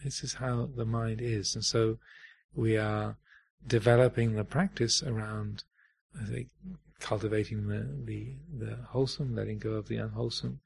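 Man, dharma talk, gravelly husky voice, halting and reflective. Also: fairly low pitch, level tone. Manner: reflective, halting, many fillers and restarts. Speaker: Dharma teacher.

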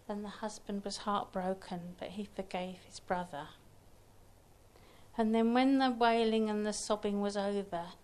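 Gentle woman telling a folktale. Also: medium pitch. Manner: unhurried, gentle, with small restarts. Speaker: storyteller. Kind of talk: oral folktale storytelling.

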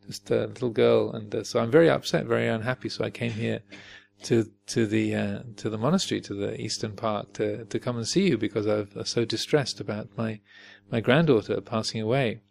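A man voicing a devout older grandmother who speaks earnestly and haltingly. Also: fairly low pitch, steady tone, gravelly, a little hiss or hum. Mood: grieving. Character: grieving elderly grandmother, devout.

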